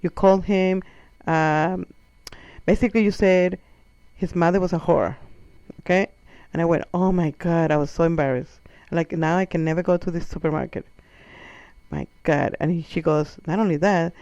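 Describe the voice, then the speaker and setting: A man's voice: high-pitched, moderate pace, clear, resonant tone, no room sound, dull audio. A man whose first language is not English, telling profane comic stories and acting out the voices of people in them. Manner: animated, profane, acts out quoted voices. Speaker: comedian. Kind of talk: comic storytelling monologue.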